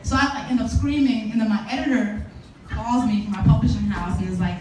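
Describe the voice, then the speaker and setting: A woman guest author telling stories in animated fashion on a live podcast, acting out quotes with laughter. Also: fairly high pitch, fast talker, noisy background. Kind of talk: live podcast interview storytelling. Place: live podcast event before an audience. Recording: roomy venue, distant mic, music behind.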